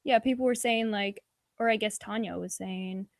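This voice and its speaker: A woman's voice: medium pitch, fairly even intonation, normal speed, vocal fry, no room sound, clean studio sound. A woman doing casual livestream commentary and reading her chat, rambling and swearing with lots of "like"s and sighs. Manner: profane, rambling, many "like"s and sighs. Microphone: desk microphone.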